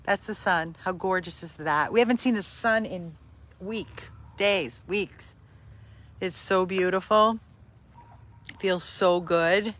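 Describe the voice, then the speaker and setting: A woman hosting a casual live stream for a dog rescue from outdoors on her phone, greeting viewers by name and breaking into high sing-song baby talk with the dogs. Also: takes it slowly, a bit bright. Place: outdoors in a yard.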